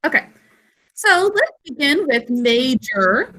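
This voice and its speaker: Bright-voiced woman teacher, patient. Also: high voice, sing-song, slow. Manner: patient, encouraging; explains step by step. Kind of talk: classroom instruction.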